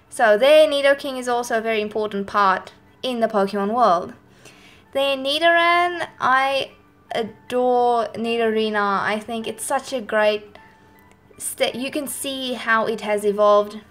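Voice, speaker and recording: A woman's voice: a little high, fairly bright tone. A woman YouTuber talking casually and enthusiastically about her favourite creature designs, with small restarts. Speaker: YouTuber reviewing Pokémon designs. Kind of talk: casual monologue to camera.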